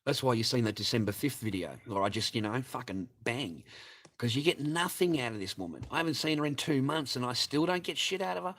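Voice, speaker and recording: A man's voice: medium pitch, lively intonation, a little fast, fairly bright tone, a little hiss or hum. A middle-aged man ranting to his viewers about his marriage, swearing, aggrieved and repeating himself. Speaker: vlogger. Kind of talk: angry personal rant to camera.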